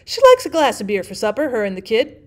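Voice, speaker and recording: A woman reading as a talkative male bartender who gets excited and rambles. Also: a little high, quick pace, lightly acted. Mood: chatty. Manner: rambling, folksy.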